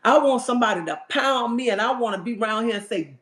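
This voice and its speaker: A man's voice: very high-pitched, quick pace, a bit bright. A man ranting on a livestream to viewers, sassy and emphatic, calling them "honey" and asking "okay?". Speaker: livestream host. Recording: roomy echo.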